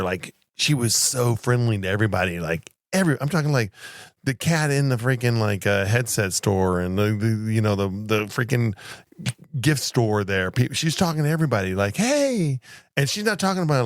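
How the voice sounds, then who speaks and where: A man co-hosting a chatty podcast, his voice sitting a little low as he spins a loose story. He circles back, restarts and stacks fillers as he goes. The sound is close and dry, with no room around it. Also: no echo. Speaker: podcast co-host, flight attendant. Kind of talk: casual chat.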